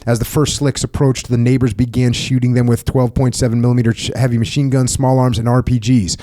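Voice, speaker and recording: A man hosting a podcast, reading passages from a war memoir aloud in a steady, measured way and asking his guest short questions. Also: medium pitch, no room sound, clean studio sound. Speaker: podcast host.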